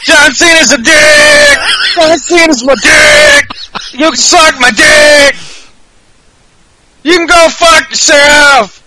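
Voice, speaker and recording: A man putting on a brash, shouting male pro wrestler who is crude and over the top. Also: very high voice, lively intonation, slow, hardly any pauses, heavy background noise, voice pushed up, full character voice. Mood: hyped yelling.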